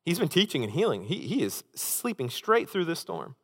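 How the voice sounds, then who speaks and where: A pastor preaching with animated, emphatic storytelling. His voice sits on the higher side for a man. A long reverb trails every phrase, as in a large hall. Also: normal speed, slightly rough. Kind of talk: sermon.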